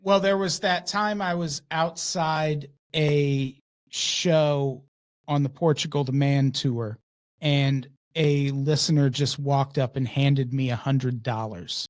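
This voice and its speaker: Man, podcast co-host, mid pitch, easygoing, reads questions aloud. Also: steady tone, slow pace. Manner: laid-back, reads listener questions. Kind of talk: casual podcast chat.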